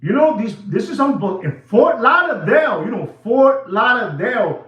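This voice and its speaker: A man's voice: very high voice, big pitch swings, brisk, fairly bright tone. A middle-aged man who deals in watches, giving a dramatic, theatrical rant to his viewers, recorded in an echoey room from a distance. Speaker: watch dealer. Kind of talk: ranting vlog to camera.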